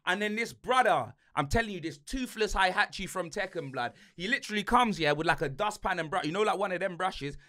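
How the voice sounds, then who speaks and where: Animated high-voiced man ranting. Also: fairly quick, few pauses. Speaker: podcast co-host. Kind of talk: casual banter podcast.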